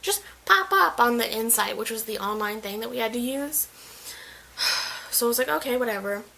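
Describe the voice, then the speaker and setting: A young woman vlogger vents in a casual clip, her high, gravelly, bright voice forceful with lively intonation at a moderate pace. Frustrated and chatty, she retells a story packed with "like" and quotes of what others said, on a rough recording.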